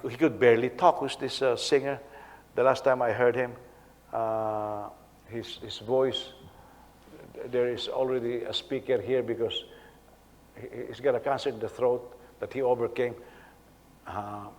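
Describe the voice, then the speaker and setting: A man, a senior pastor, preaching a sermon in an animated, halting way, often repeating words as he goes. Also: mid-range voice. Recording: long reverb of a hall.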